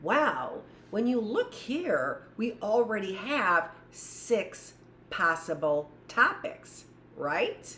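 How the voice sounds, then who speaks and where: Woman teacher, live lesson for kids, loud voice, rambling asides, echoey room. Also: mid-range voice, big pitch swings, drawn-out words, a little hiss or hum. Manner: rambling, joking asides to herself. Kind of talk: livestreamed lesson for young children.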